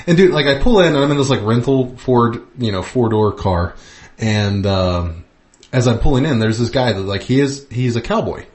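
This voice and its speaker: A man's voice: mid-range voice, animated, moderate pace, darkish tone. A man co-hosting a casual podcast, telling a story loosely with many fillers and restarts. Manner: rambling, lots of fillers and restarts. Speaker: podcast co-host.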